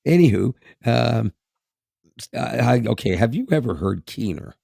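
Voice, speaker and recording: A man's voice: mid-range voice, sing-song, measured pace, gravelly, dark tone, no room sound, studio quality. A man, co-hosting a podcast in casual chat, laughing often and repeating words. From Canada. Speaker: podcast co-host.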